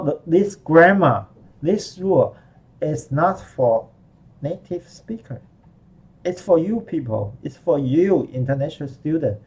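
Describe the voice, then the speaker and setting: A man's voice: medium pitch, warm tone, low-quality recording. A man, a Mandarin speaker, teaching a live online grammar lesson, patiently explaining with frequent repeats and restarts. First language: Mandarin Chinese. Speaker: language teacher.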